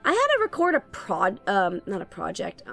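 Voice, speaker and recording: A young woman streamer with vocal fry, chatting playfully while she draws and laughing often. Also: medium pitch, huge pitch swings, moderate pace, fairly bright tone, faint music behind. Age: young adult. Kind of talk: casual stream chat while drawing.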